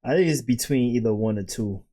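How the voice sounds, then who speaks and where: A man's voice: mid-range voice, brisk, mellow. A man on a reaction panel, thinking aloud and hedging his guesses in casual chat.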